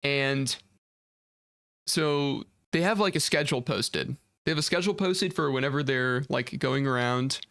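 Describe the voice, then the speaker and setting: A man's voice: medium pitch, unhurried, a bit bright, clear, resonant tone, dry recording, clean studio sound. Rambling young man streaming. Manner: rambling storytelling, acts out quoted voices, laughs often. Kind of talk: casual chat while gaming. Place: home streaming setup.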